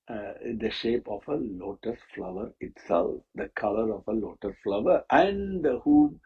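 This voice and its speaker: A man teaching the meaning of a Sanskrit hymn, pausing often with fillers and restarts. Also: medium pitch, dark tone, husky, lo-fi sound. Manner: halting, with many fillers and restarts. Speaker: scripture teacher. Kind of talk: explaining a Sanskrit hymn with stories.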